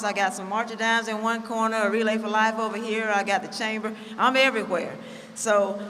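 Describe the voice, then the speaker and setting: A woman's voice: fairly high pitch, pushed and bright, slight background noise. A woman giving a chatty, self-deprecating keynote speech at a conference, with lots of fillers. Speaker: keynote speaker. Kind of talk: public speech. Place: conference hall. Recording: hall reverb, faint ambience.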